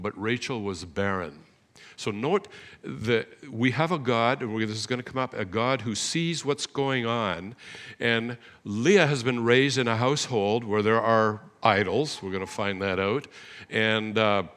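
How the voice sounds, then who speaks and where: A man's voice: medium pitch, fairly bright tone. A man giving an earnest, explanatory sermon in a church, often correcting himself mid-sentence. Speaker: guest preacher. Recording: reverberant church hall.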